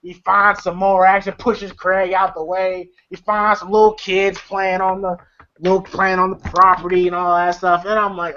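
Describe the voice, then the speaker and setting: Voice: mid-range voice, level tone, normal speed, bright, forceful tone. Casual rambling reviewer with lots of fillers and laughs; dull, lo-fi home audio. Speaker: online movie reviewer. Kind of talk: casual movie recap. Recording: dull lo-fi recording.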